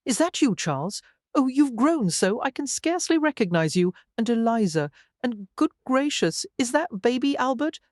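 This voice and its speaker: An audiobook narrator voicing a remorseful, earnest young gentlewoman, with the voice lifted for her lines. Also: medium pitch, big pitch swings, normal speed, no room sound, clean studio sound, pitched above the performer's own voice, close to an everyday voice. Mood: warm.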